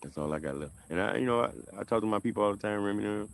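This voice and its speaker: A man's voice: lowish voice, expressive, racing, gravelly, no room sound. A man talking casually to his viewers, repeating himself in a preachy, drawling way. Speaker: person in a reacted-to livestream clip.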